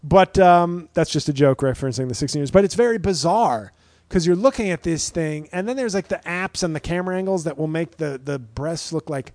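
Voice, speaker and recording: Male comic, 30s, solo podcast host; slightly high voice, dry close sound, rambling and profane. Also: fairly quick, darkish tone, no echo. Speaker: podcast host and stand-up comedian. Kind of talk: casual solo podcast monologue.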